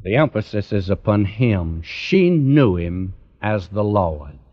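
A man's voice: fairly low pitch, very animated, slow pace, highs cut off. A man preaching a Bible sermon, earnestly addressing the listener directly.

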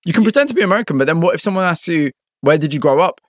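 Curious interviewer man, fairly high voice. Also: expressive, very fast, no room sound, clean studio sound. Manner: curious, asks probing follow-ups.

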